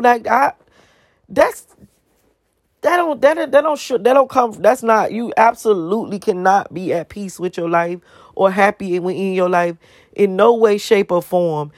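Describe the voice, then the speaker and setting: A woman's voice: mid-range voice, no room sound, clean studio sound. Profane ranting woman vlogger. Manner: emphatic, profane, piles up rhetorical questions. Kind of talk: ranting monologue to camera.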